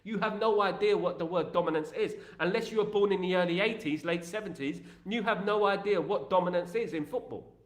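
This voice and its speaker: Male football streamer, high voice, emphatic and rambling, echoey room. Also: brisk. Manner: animated, rambling, emphatic, British slang. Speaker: football podcast host. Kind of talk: live-stream chat reading viewer comments.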